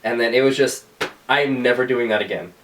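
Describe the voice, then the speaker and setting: A man's voice: mid-range voice, fairly quick, distant mic, a little hiss or hum. A man co-hosting a podcast in casual chat, telling stories with lots of swearing and put-on voices. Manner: swears a lot, animated storytelling with voices. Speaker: podcast co-host.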